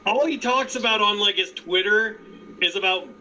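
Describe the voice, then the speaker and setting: A man co-hosting a podcast in casual chat, animated, laughing often and trailing off into restarts. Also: high-pitched, moderate pace, low-quality recording. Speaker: podcast co-host.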